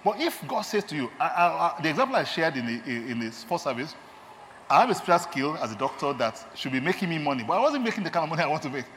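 A man's voice: on the high side, sing-song, fast talker, fairly bright tone, slight background noise. A man with a Nigerian accent preaching a sermon, emphatic and repeating his key phrases. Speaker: lay preacher and doctor. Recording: long hall reverb, faint ambience.

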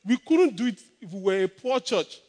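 A man with a high voice preaches to his congregation. He leans hard into repetition and calls out for the listeners to respond. His delivery is emphatic throughout. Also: lively intonation, moderate pace, a little mellow, long reverb tail. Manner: emphatic preaching, with repeated exhortations and call-and-response. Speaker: pastor. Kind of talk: sermon.

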